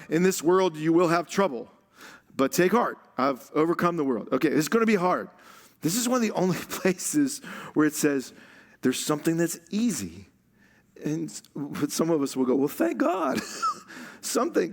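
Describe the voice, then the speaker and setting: A man preaching a sermon as pastor, conversational and light, laughing often and drawing out words for emphasis. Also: a little high. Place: church stage.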